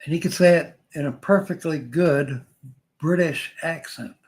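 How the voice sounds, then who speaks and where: A man's voice: a little high, a little slow, low-quality recording. An older man hosting a casual live stream, reading viewer comments aloud and joking with a frequent chuckle.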